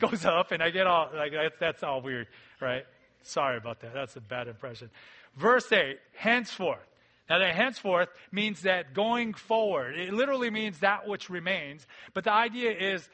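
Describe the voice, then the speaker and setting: Bright-voiced male pastor preaching. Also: high-pitched. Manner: conversational, swings between loud emphasis and quiet asides. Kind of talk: sermon.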